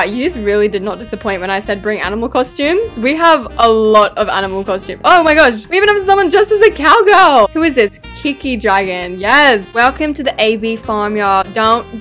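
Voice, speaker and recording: A bubbly young woman gives casual gameplay commentary from home, close on a desk microphone. Her voice sits fairly high, and she giggles and squeals at each surprise. Faint music plays under her. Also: fairly bright tone. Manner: bubbly, giggly and easily startled. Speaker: gaming channel host.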